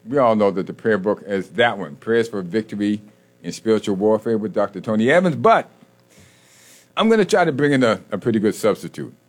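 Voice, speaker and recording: A man co-hosting a faith-based sports radio show, chatty and jokey and quick to laugh, talking in a studio. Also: fairly low pitch, expressive. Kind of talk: casual radio chat and scripture reflection.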